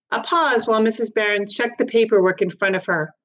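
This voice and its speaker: Woman reader, measured storybook narration. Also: fairly high pitch, breathy edge, rough recording. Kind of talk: storybook reading.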